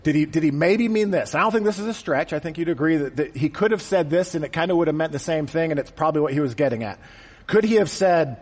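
A man's voice: fairly high pitch, fast talker, few pauses, husky, long reverb tail. A man preaching a conversational, joking sermon to a congregation in a church. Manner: conversational and joking, acts out quotes. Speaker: pastor. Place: church auditorium.

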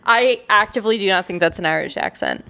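A woman's voice: medium pitch, lively intonation, quick pace, bright, forceful tone, clear, resonant tone. A young woman co-hosting a casual chat podcast, teasing her co-host in a dry way.

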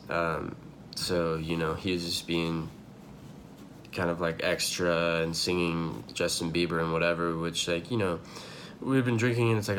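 Young man, deep voice, casual profane storyteller, light background hum. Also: fairly bright tone. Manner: rambling, profane, filler-heavy with many likes. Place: home room.

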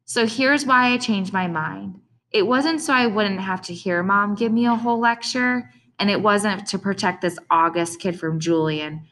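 A woman narrates a first-person storybook in a relaxed, conversational way. Her reading sounds like a kid telling his own story. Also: medium pitch. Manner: casual, conversational. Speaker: audiobook narrator.

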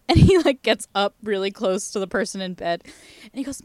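A woman's voice: medium pitch, animated, normal speed. A young woman co-hosting a podcast, telling a funny story in a rambling, casual way, laughing and swearing as she goes. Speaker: podcast co-host. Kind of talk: casual chat.

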